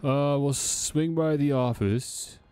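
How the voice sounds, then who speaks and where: A man's voice: on the high side, slow, a little mellow, clear, resonant tone, soft background music. A man with a sore throat giving rambling, chatty let's-play commentary, laughing often. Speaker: streamer.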